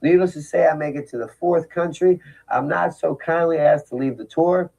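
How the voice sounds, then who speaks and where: A man's voice: a little high, normal speed, creaky, darkish tone, rough recording. Guy telling his story, candid, punchy, keeps asking right?. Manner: candid, emphatic, rhetorical asides. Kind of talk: personal storytelling talk.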